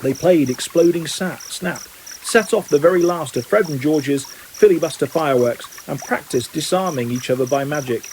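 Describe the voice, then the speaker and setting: A man reading a novel aloud in plain, steady narration. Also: on the high side, moderate pace, slight background noise, low-quality recording. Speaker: audiobook reader.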